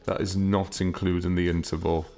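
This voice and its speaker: A man with a slightly low voice co-hosts a casual comedy podcast. He tells stories in a loose, chatty way, acts out what people said and laughs often. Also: flat delivery, moderate pace, creaky, a little mellow. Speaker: podcast co-host.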